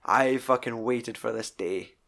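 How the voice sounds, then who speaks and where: A man's voice: medium pitch, measured pace, gravelly, fairly bright tone. A man co-hosting a casual film review chat, rambling and swearing heavily. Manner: rambling, heavy swearing, laughs while recalling scenes. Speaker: podcast co-host.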